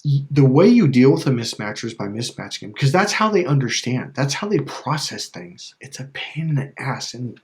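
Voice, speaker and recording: A man's voice: medium pitch, sing-song, normal speed. A man giving a casual coaching talk, emphatic and repetitive, often checking in with "okay?". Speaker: life and relationship coach.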